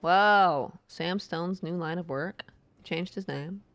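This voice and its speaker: A woman's voice: lowish voice, slow pace, a bit bright. A woman streaming a game, giving casual, sarcastic and playful commentary that mocks the game.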